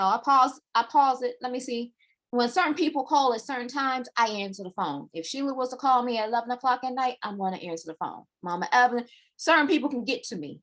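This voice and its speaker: A woman hosting a live morning chat show, telling a personal story in a chatty, animated way and acting out what others said. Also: on the high side. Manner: chatty, animated, acts out quoted voices. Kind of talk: casual live-stream storytelling.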